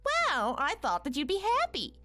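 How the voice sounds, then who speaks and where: A woman's voice: high voice, huge pitch swings, normal speed. A woman putting on a mocking scheming mother. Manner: mocking, condescending and bossy. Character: scheming, rude young mother selling her son. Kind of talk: animated story voice acting.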